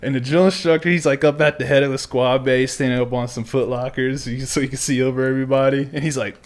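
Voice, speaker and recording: A man hosting a podcast, a military veteran telling stories in casual chat who swears freely, laughs often and drops to a hushed voice for asides. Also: medium pitch, fairly even intonation, fast, hardly any pauses.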